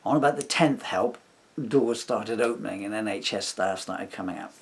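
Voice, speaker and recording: A man with a lowish voice and vocal fry speaks at a moderate pace in a personal vlog. He rambles indignantly through a long grievance, acting out what other people said.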